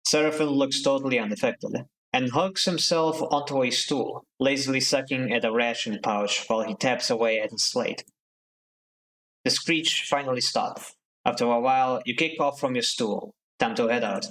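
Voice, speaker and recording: A man streaming a story game, reading the narration aloud and adding relaxed, joking asides. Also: mid-range voice, normal speed, low-quality recording.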